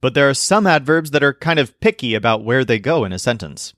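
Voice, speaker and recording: A man teaching a language lesson in a clear, explanatory manner, slowing down for each example phrase. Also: mid-range voice, animated, fairly bright tone, no echo, studio quality. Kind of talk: scripted lesson narration.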